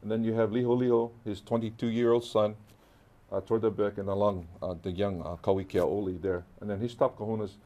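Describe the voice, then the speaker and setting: A man's voice: fairly low pitch, steady tone, a little fast, dark tone. A middle-aged man from Hawaii with a Hawaiian accent, animatedly telling stories in a casual interview and acting out the dialogue. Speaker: guest artist.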